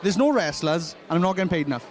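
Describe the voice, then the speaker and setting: Lively Welsh man joking at a busy outdoor event. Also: a little high, fast talker. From Wales. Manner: joking, self-mocking, excitable. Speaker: co-host. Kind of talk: casual banter.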